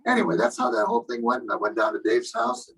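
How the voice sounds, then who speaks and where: A drummer in his sixties telling stories in a casual interview, animated and acting out the lines of people he talks about. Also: medium pitch, fast, vocal fry, slightly rough, rough recording. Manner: animated storyteller who acts out other people's lines. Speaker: guest drummer.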